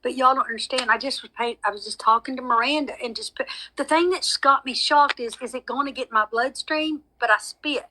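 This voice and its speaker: Lady rambling on a phone live stream, high bright voice, calls everybody y'all. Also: steady tone, a little fast, rough recording. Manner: chatty, dramatic, talks straight to viewers as y'all. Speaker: medium hosting a live stream. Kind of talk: casual live-stream chat.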